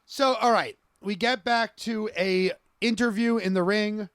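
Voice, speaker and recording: A man's voice: high voice, fairly even intonation, unhurried, a bit bright, no room sound, studio quality. Man laughing through a casual podcast recap. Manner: laughs often, swears casually. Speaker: podcast co-host. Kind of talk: casual chat recapping wrestling.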